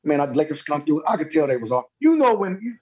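Male guest, ex-pro hooper, husky voice, muffled lo-fi sound, casual storyteller. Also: on the high side, sing-song, fast talker. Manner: laid-back, slangy, laughing storyteller. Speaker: guest, former pro basketball player.

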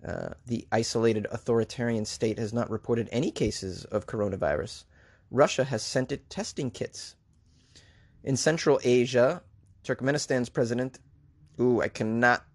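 A man hosting a talk show, riffing jokingly on news stories, rambling and stumbling over hard names. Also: medium pitch. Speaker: show host.

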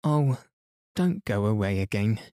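A man reading the lines of an excited, wide-eyed young boy in a bedtime story, eager and pleading. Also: on the low side, measured pace, dry recording, studio quality.

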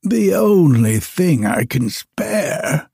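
A fretful old wizard, put on by a man, pitched above the reader's own voice and drawn out slowly. The tone is mellow and a little husky, with a lively, rising line. It sounds dry and close. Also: dry recording, full character voice.

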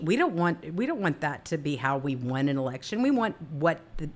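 A woman hosting a political talk show, talking emphatically and swinging from soft murmurs to high exclamations. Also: very animated, moderate pace, few pauses.

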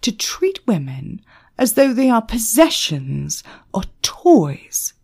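A woman's voice: a little high, sing-song, takes it slowly, gravelly, warm tone, slightly rough, pitched above the performer's own voice, full character voice. A woman voicing a cool, commanding female former spy who speaks in a cold, controlled way.

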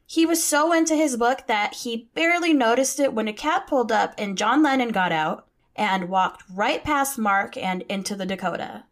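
A woman's voice: fairly high pitch, moderate pace. A woman hosting a podcast, telling a true-crime story in a chatty way, swearing casually and reading out quotes. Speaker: podcast host.

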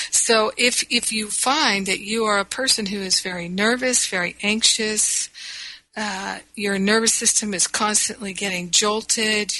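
A woman giving a reflective spiritual talk as a teacher, speaking gently with restarts and quoting inner self-talk. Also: mid-range voice, dry recording, low-quality recording.

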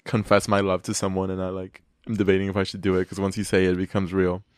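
Expressive young man hosting a podcast. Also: deep voice, quick pace, no echo. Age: young adult. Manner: expressive, laughs often, rambling. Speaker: podcast host. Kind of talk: casual podcast chat.

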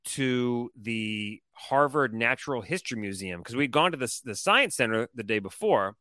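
A man telling a story on a podcast in a casual, animated, profane and rambling way. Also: mid-range voice, normal speed, dry recording, clean studio sound. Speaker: co-host.

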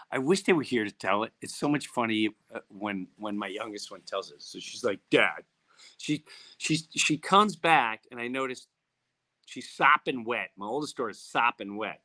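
At normal speed and in a mid-range voice, a middle-aged man hosting a podcast relates a story informally. He brings it to life with animated delivery, voicing each quoted person himself.

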